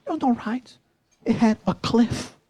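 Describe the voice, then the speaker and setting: A man in his forties performing a high-energy stand-up set, telling a story animatedly on a comedy club stage. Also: a little slow, mellow.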